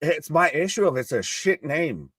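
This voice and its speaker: A man's voice: on the high side, big pitch swings, normal speed, a bit bright, breathy edge, no room sound, studio quality. A man co-hosting a live wrestling fan stream, arguing bluntly and swearing freely in casual banter. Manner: blunt, profane, argumentative.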